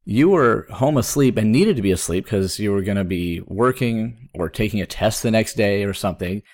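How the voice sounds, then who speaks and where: A man in his thirties, a podcast host, telling a personal story in casual chat, with sudden jumps up in pitch when he quotes himself. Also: lively intonation, normal speed, a little mellow. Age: 30s.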